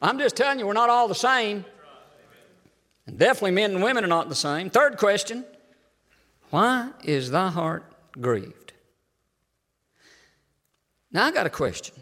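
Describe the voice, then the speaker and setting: Older man preaching, high and bright, long church reverb. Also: lively intonation, fast. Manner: emphatic, folksy preaching with sudden drops to low asides. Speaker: pastor. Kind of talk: sermon. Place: church sanctuary.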